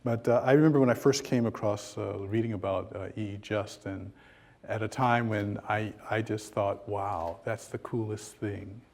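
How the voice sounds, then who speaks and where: A man at a lecture room podium, delivering a keynote with humor. He slips into a storyteller's voice with lifted pitch to act out dialogue. His relaxed, self-mocking delivery is dotted with fillers. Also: normal speed, gravelly. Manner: animated, acts out dialogue in a story with rising pitch. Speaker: keynote speaker.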